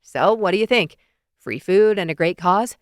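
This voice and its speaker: A man's voice: high voice, moderate pace, clear, resonant tone, no echo, clean studio sound. Woman reading as a cheerful easygoing fire chief. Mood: friendly. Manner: relaxed, chuckling, inviting. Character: friendly easygoing male firefighter chief.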